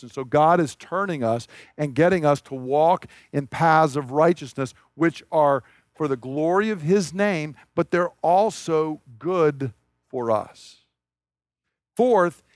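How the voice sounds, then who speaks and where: Male pastor mid-sermon: earnest, talky, a touch high-voiced, dry and close. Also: dry recording. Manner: earnest, conversational preaching with rising emphasis.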